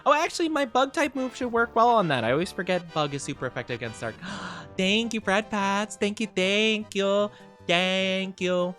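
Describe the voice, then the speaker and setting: A playful male streamer chatting with his viewers while he plays a game. His voice swings up and down with animated, expressive pitch. Faint music plays in the background. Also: moderate pace. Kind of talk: casual gaming stream chat.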